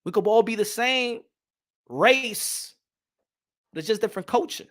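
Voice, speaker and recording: A man's voice: sits high, expressive, a little slow, fairly bright tone. A man from New York with a New York accent, talking in a loose, profane, laughing monologue as a boxing channel host. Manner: loose, swearing, laughing often.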